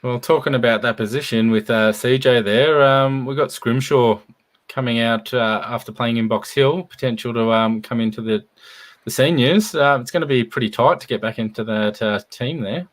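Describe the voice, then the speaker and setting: A man's voice: mid-range voice, normal speed. An Australian man co-hosting a casual football podcast, easygoing and hesitant, with many fillers. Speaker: podcast co-host. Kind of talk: casual footy chat.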